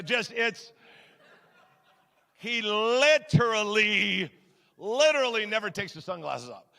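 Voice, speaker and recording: A male pastor tells stories from the pulpit, animated and conversational, and often turns to the congregation with questions. His voice sits a bit high, with a gravelly, bright edge. A long reverb trails each phrase through the hall. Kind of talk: storytelling sermon.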